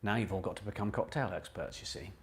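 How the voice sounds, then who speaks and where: A man's voice: fairly low pitch, fast talker. A man hosting a live online pub quiz, chatting with viewers and reading out each question twice. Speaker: quiz host.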